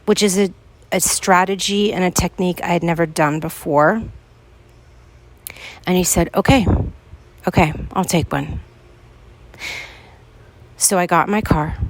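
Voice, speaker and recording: Earnest low-voiced woman telling her story. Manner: earnest, pleading when recalling her own words. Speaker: podcast host. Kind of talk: personal storytelling to listeners.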